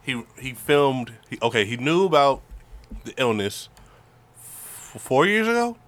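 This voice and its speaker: A man's voice: medium pitch, big pitch swings, unhurried. Laid-back young man hosting a podcast. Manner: laid-back, conversational, leads topics. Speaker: podcast host. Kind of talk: casual chat.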